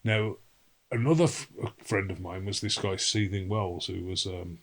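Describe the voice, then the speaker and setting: Older bloke, deep voice, a guest spinning long salty anecdotes. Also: male voice, fairly even intonation, moderate pace, poor audio. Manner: rambling storyteller, salty swearing, acts out quotes. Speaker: interview guest, singer. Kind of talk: casual anecdotal interview.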